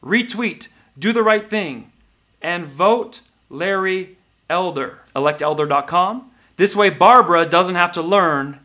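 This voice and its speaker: A man's voice: high voice, a little slow, pushed and bright. A male host delivering comedic political commentary with a sarcastic, mocking and punchy manner.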